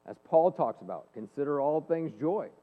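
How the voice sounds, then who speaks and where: A man in his forties giving an earnest, animated faith-based talk, telling personal stories to an audience in a large hall. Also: on the high side, moderate pace. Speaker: speaker and leadership coach. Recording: long hall reverb, phone-like band.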